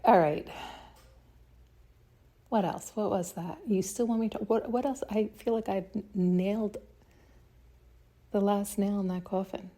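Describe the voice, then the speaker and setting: A woman's voice: medium pitch, warm tone. A woman hosting a podcast, giving a blunt, heated solo monologue during an intuitive reading and swearing freely. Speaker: podcast host.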